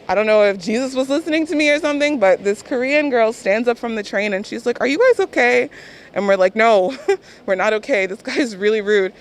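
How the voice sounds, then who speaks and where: A woman in a street interview telling a story in a lively, animated way. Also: fairly high pitch, slight background noise.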